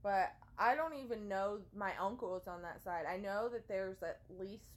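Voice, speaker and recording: A young woman from the United States chats casually on a home vlog, giggly and animated. Her voice sits at an ordinary middle pitch, bouncing up when she gets excited. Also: moderate pace. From USA (born California, raised Ohio). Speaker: vlogger co-host. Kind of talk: casual chat reading viewer comments.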